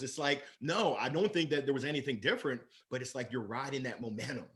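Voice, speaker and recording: A man talking as a guest in a casual interview, lively and playful, laughing often. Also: medium pitch, fairly quick, hardly any pauses. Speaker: sales leader guest.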